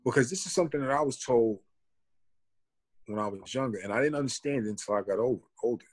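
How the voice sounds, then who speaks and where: A man's voice: medium pitch, fast talker, darkish tone. A man, earnestly telling a story and reflecting on it in a casual podcast talk. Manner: earnest, reflective, builds an argument. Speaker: podcast co-host.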